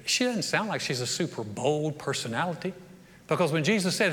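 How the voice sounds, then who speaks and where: A man's voice: on the high side, very animated, fairly quick, fairly bright tone, slight background noise. A man preaching a sermon in a folksy, storytelling way, acting out quotes from the people in his story. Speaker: pastor. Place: church sanctuary. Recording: long church reverb.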